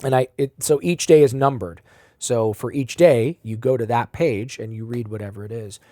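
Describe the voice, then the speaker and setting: A man as a podcast guest, telling a personal story with blunt, profane language and big swings in loudness. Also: mid-range voice, normal speed, no echo, clean studio sound. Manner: animated, swings between loud and quiet.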